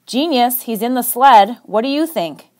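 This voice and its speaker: A woman's voice: on the high side, expressive, a little slow. A woman voicing a curt, proud teen girl musher. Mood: scornful. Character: tough teenage girl musher, proud and bossy.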